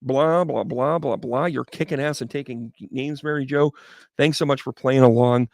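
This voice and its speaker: A man's voice: mid-range voice, fairly even intonation, normal speed, creaky, darkish tone, no room sound, studio quality. A man giving a chatty, upbeat live tarot reading, talking straight to viewers by name. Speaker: tarot reader.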